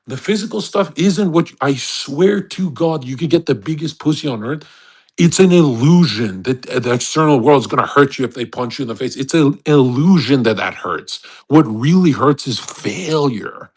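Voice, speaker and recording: A man hosting a live online audio stream, giving a casual, intense motivational rant full of swearing, swinging between loud outbursts and low muttering. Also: expressive, moderate pace, husky. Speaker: host. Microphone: home microphone on an online audio call.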